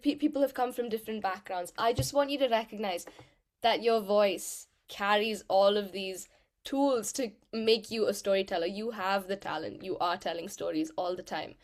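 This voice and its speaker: A woman, an actor and singer, giving a lively, encouraging voice workshop talk to an audience in a room. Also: medium pitch. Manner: animated, encouraging, demonstrates vocal changes.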